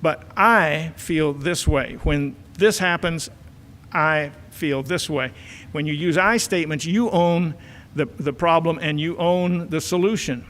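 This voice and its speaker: A man's voice: on the high side, a little slow, fairly bright tone. An older man, a church elder giving a folksy family-life talk full of filler words. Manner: folksy, many filler uhs and repeated words. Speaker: church elder and marriage counselor. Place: church auditorium. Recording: church hall reverb.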